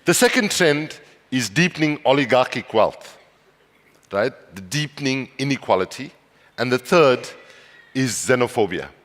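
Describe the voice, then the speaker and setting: Man from South Africa, conference speech, wry storytelling, mid-pitched voice, long hall echo. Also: animated, moderate pace, fairly bright tone, slight background noise. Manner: storytelling, wry humor, rising to emphatic passion. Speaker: speaker.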